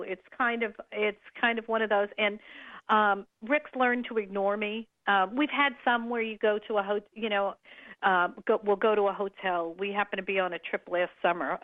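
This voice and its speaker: A woman guest telling travel stories on a talk radio show, rambling with many restarts and fillers. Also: mid-range voice. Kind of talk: casual radio chat. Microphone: phone line. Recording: tinny phone line.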